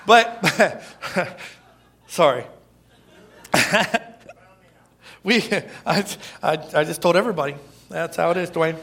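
Bright-voiced animated male preacher. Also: fairly high pitch, slow, creaky, pauses often. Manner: animated, conversational preaching with asides and laughs. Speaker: pastor. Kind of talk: sermon.

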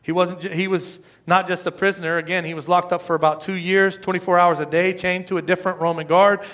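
High, bright-voiced middle-aged male preacher. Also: flat delivery, fast. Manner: emphatic preaching, repeats phrases and asks rhetorical questions. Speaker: pastor. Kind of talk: sermon.

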